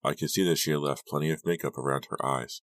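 Very deep-voiced man narrating a story. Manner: steady, measured storytelling. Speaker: audiobook reader. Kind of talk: scripted first-person narration.

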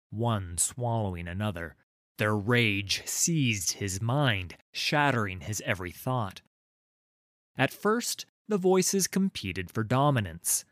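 A man reading a fantasy story aloud in a measured, deliberate way. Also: fairly low pitch, animated, a bit bright, no room sound, studio quality. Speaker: narrator. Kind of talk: scripted fantasy narration.

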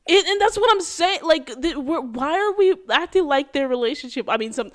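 A woman hosting a podcast, recapping a TV episode in an animated, casual way with many fillers and quick bursts. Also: high-pitched. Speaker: podcast host.

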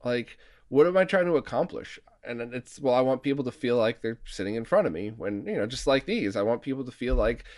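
A man hosts a podcast in a chatty, self-deprecating way and laughs easily as he talks. His voice sits at an ordinary middle pitch for a man. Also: animated, fairly quick, few pauses. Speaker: podcast host. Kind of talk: casual podcast conversation. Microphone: remote recording mic.

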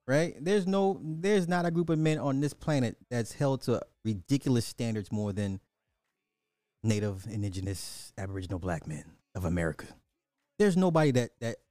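A man's voice: medium pitch, dry recording, clean studio sound. Man joking through reaction commentary. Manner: animated, joking, breaks into laughter. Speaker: reaction video host.

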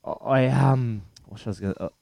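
A man's voice: mid-range voice, fairly quick, gravelly, warm tone, no echo. A man in his thirties with a New Zealand accent, chatting casually as a radio guest, laid-back and laughing as he tells stories. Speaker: radio guest, former rugby player. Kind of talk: casual chat.

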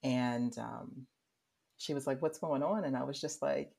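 A woman's voice: rumbling low, unhurried, gravelly, husky. A woman in her thirties, a podcast guest, telling a story in casual chat and acting out what people said. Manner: animated storyteller who acts out quotes and laughs often.

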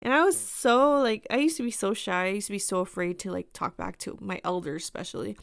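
A woman's voice: medium pitch, brisk, creaky, no echo, clean studio sound. A woman in her thirties casually telling personal stories, chatty and full of fillers, acting out the people she quotes. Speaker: storyteller.

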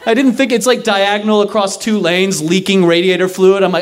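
A young man telling a story to a live audience, animated and self-mocking, acting out the people he quotes. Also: sits high, normal speed, a faint crowd.

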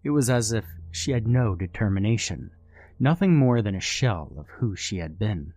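A man narrating a scary story in a slow, measured, grave way. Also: lowish voice, animated, darkish tone, no echo. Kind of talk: scripted horror narration.

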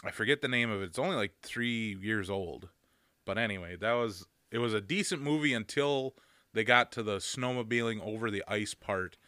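A man in his thirties rants his way through a casual podcast chat, peppering everything with profanity and bursting into loud mock yells. His voice is bright and tense. The sound is dry and close. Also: on the low side, normal speed, dry recording. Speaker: podcast co-host.

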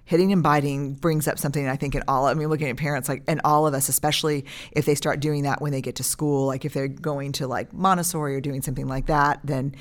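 Low-voiced woman in casual chat. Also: fast talker, hardly any pauses. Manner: animated, acts out what she says to children. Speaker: podcast guest.

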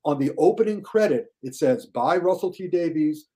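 An older man talking casually as a podcast guest, lively, often mimicking others in high mocking voices. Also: normal speed. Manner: animated, mocks critics in high shouted voices. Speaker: guest film critic.

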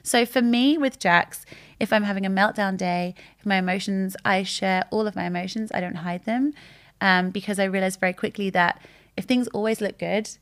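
A woman's voice: medium pitch, moderate pace, clean tone. A woman, a podcast guest talking candidly and telling stories with quoted voices. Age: 30s. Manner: open, animated storytelling with quoted voices. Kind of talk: candid conversational chat.

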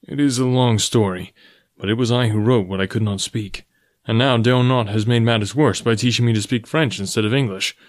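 A man voicing a strong, fierce but tender jungle man in a storybook reading, low and firm. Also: brisk, lightly acted. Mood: earnest, fierce.

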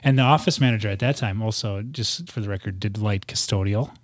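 A man's voice: on the low side, a little fast, no room sound. A man from the United States, a guest on a studio podcast, telling stories in casual chat with lots of restarts. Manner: rambling storyteller with many restarts.

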